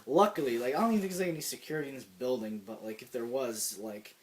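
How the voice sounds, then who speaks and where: A young man co-hosting a casual chat, telling stories in a profane, animated way, full of "like". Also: medium pitch, fast. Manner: profane, animated storytelling with frequent "like". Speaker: podcast co-host.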